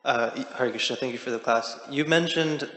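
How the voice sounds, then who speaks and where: A man from the audience asking a question after a talk, hesitant and halting. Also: medium pitch, a bit bright, roomy sound, long reverb tail, slight background noise, poor audio.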